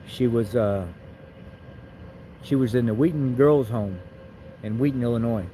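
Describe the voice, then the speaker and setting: A man's voice: mid-range voice, dark tone, slight background noise, poor audio. A man vlogging, telling a personal story in a rambling, emotional way, often repeating his words.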